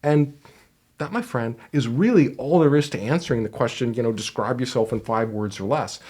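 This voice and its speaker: Talking straight to camera in an advice video, a male career coach offers job interview tips in a conversational, emphatic way, peppered with fillers. He has a medium-pitched, darkish, slightly rough voice at a moderate pace.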